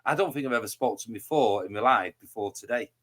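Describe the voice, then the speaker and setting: A man's voice: medium pitch, quick pace, a bit bright. A man calling into a live stream, dry and blunt, teasing the others. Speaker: stream guest. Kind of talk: casual banter on a live stream call.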